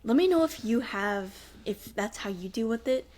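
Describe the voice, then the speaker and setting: A young woman with a fairly high voice co-hosts a casual family chat. She talks in a chatty way, full of fillers like "like" and "um," and laughs easily. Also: animated, moderate pace, a little mellow. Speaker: podcast co-host.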